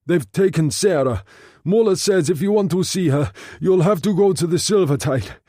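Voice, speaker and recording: Man playing a panicky Italian guy, urgent, breathless, raised voice, louder. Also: high-pitched, normal speed, dry recording, studio quality, pitched above the performer's own voice.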